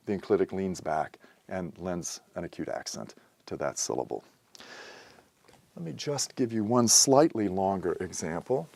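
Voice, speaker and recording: Male teacher, lower register, patient and methodical lecture delivery, dry studio-close sound. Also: dark tone, no room sound. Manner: methodical, patient, with occasional fillers. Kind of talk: explanatory lecture.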